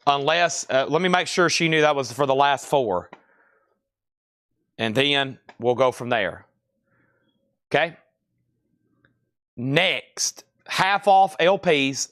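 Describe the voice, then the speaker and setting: A man's voice: fairly high pitch, a bit bright, dry recording, clean studio sound. Chatty man hosting a live record sale. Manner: chatty, addresses buyers by name. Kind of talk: live-stream sales patter.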